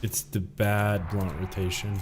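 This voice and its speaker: A man's voice: fairly low pitch, flat delivery, a little slow, noisy background. A young man from Sweden, rambling jokily through casual gameplay commentary and exclaiming in surprise. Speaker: gaming streamer.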